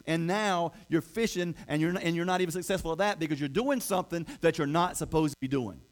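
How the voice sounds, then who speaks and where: A man voicing an exasperated male teacher who scolds his followers in a gently chiding, lecturing way. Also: fairly high pitch, quick pace, close to an everyday voice.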